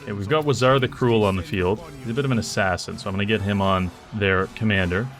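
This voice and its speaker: Male gamer, lower voice, sardonic commentary with bursts of mock rage, light music bed. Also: quick pace. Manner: sardonic, excitable, swings into loud outbursts. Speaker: gaming YouTuber. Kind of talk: casual gameplay commentary.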